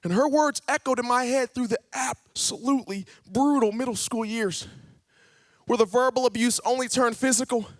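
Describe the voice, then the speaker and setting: A man telling a personal testimony in church, a dramatic storyteller who swings between hushed tones and shouting. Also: very high-pitched, moderate pace, no echo, studio quality. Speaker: guest speaker.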